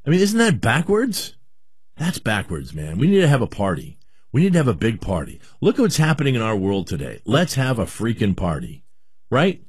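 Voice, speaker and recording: A man's voice: medium pitch, huge pitch swings, normal speed, husky, no room sound, studio quality. A man hosting a radio talk show, ranting emphatically and repeating himself.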